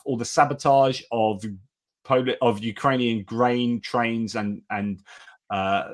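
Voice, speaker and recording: Chatty man hosting war news. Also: medium pitch. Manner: chatty, with restarts and asides. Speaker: host. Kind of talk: casual news commentary.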